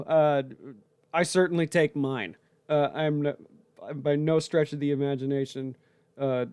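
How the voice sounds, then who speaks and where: A man's voice: a little high, no room sound. A man, a comedian and podcast host, recapping a show in a rambling, profane monologue full of restarts.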